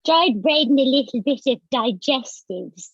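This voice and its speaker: A woman's voice: high voice, expressive, a little slow, husky, dry recording, dull audio, exaggerated voice. A woman doing a swearing British street chef. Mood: ranting. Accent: put-on British. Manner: brash, swearing, ranting. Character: foul-mouthed British homeless woman chef.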